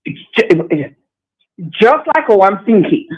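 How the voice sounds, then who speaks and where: A woman's voice: mid-range voice, sing-song, takes it slowly, slightly rough. A woman from Jamaica with a Jamaican accent, calling in to a radio talk show and making her points emphatically, often repeating herself. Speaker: caller. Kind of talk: call-in radio chat. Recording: dull phone-line sound.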